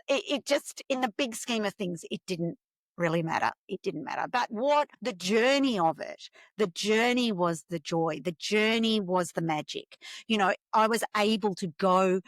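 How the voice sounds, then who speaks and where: A woman's voice: mid-range voice, a little slow, no echo. A woman, a podcast guest telling a personal story with feeling and acting out the voices of the people in it. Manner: animated, acts out dialogue in quoted voices.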